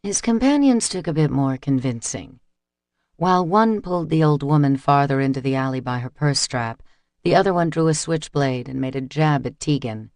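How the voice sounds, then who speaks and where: A man reading an audiobook in steady, measured scripted narration, recorded close on a studio mic. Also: on the high side, no echo.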